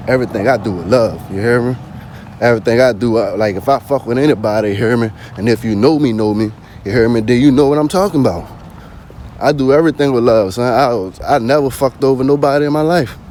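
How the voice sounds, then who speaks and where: A man's voice: medium pitch, darkish tone, slight background noise. A man vlogging in a casual spoken monologue, slangy and constantly asking "you hear me".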